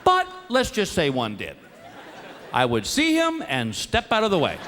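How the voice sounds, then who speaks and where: A middle-aged man doing stand-up comedy, an animated, self-mocking storyteller on stage before a live audience. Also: high voice, unhurried, big-room sound. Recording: live show with crowd laughter and noise.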